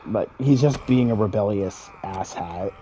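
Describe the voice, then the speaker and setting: A man's voice: on the low side, unhurried, warm tone, slight background noise. A man casually retelling a wrestling game storyline, rambling and profane, with chuckles. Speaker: gaming creator.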